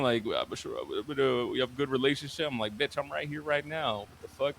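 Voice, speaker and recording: A man's voice: mid-range voice, animated, fairly quick, vocal fry, hardly any pauses, sharp tone. A man casually recounting events from a roleplay game, profane and rambling with lots of filler words. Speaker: roleplay streamer. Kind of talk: casual storytelling.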